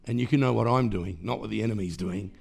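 A man's voice: on the low side, fast, gravelly, darkish tone, slightly rough. A man preaching a sermon as pastor, emphatic and rhythmic, with repeated phrases and sudden rises in volume. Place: church.

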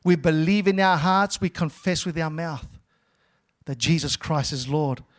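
A man's voice: a little high, a little slow. A male pastor preaching a sermon, repeating words and calling for responses from the church.

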